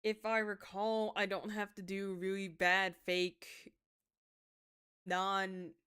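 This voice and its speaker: A young woman streaming a game, chatting casually, swinging from mumbles to excited outbursts, swearing and laughing as she tells stories. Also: fairly low pitch, smooth. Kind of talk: casual livestream chat while gaming.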